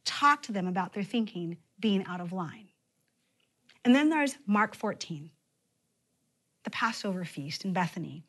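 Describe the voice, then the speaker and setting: A woman pastor preaching a sermon, with expressive emphasis and sudden drops to a near-whisper. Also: mid-range voice.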